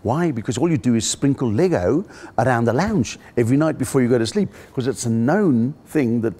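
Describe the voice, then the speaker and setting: A middle-aged South African man, a comedian in a casual interview, telling animated stories and acting out other people's voices. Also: mid-range voice, a little fast.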